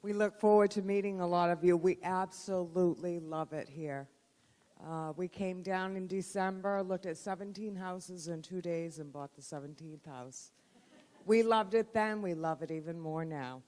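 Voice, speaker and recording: A woman's voice: on the low side, normal speed, darkish tone. A woman enthusiastically introducing herself and her husband at a community meeting. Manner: upbeat, enthusiastic. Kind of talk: self-introduction. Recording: echoey community hall.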